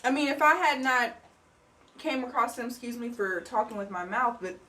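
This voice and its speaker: A woman promotes her wines in casual, animated chat, often laughing. Her voice sits a little high. She sounds set back from the mic, with faint room noise behind. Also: normal speed, distant mic. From Kansas City. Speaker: winemaker guest.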